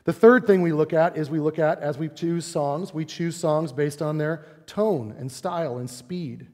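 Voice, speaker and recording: Guy in his 40s preaching, chatty and jokey, kinda high voice, long church echo. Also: measured pace, a little mellow. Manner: conversational preaching with rhetorical questions and playful asides. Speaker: pastor. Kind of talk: sermon. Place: church sanctuary.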